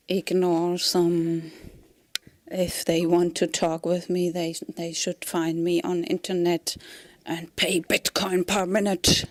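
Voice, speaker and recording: A woman giving a rambling comedic monologue in a halting way, often dropping into a whisper and breaking into giggles. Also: on the low side, steady tone. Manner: slow, halting delivery that drifts into whispers. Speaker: vlogger.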